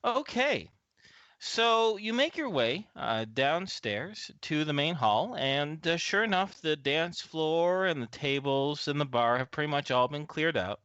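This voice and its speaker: A man narrating as game master in a relaxed, filler-heavy way, recorded through a slightly muffled mic. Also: on the high side, measured pace, clean tone, no room sound.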